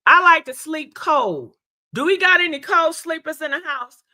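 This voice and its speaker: A woman chatting casually on a livestream, animated and laughing often, her voice congested and hoarse from being sick. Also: high-pitched, normal speed, no room sound. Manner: chatty, animated, laughs often, addresses viewers as y'all and honey. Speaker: livestream host.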